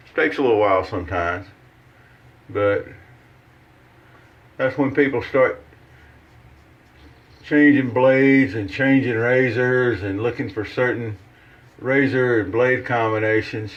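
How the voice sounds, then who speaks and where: A man's voice: medium pitch, slow, pauses often. A man with a mid-range voice chats in a folksy, rambling way while he shaves, walking through his routine with plenty of "uh"s and restarts. He sounds like he is at a bathroom sink, and the recording is dull and a little lo-fi. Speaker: shaving channel host. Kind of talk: casual how-to chat while shaving.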